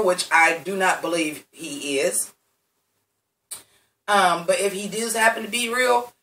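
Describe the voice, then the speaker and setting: A man's voice: high-pitched, sharp tone, roomy sound, recorded from a distance, rough recording. A man giving a blunt, heavily profane recap of a TV episode, talking straight to his viewers. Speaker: TV recap reviewer.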